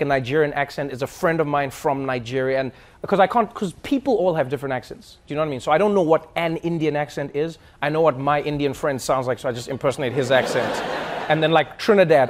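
A man chatting casually and telling stories, animated and laughing as he talks. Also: a little high. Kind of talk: casual chat.

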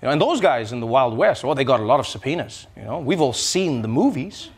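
A man hosting a comedy show, delivering a mocking, animated monologue. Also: medium pitch, quick pace, a little hiss or hum. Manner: mocking, animated, slips into silly voices.

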